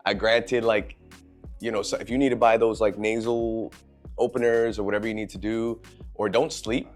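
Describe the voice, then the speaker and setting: A man's voice: on the low side, little pitch movement, normal speed, faint music behind. A man co-hosting a podcast, stating opinions firmly after some hesitation in casual chat. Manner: hesitant, then firm opinions. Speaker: podcast co-host.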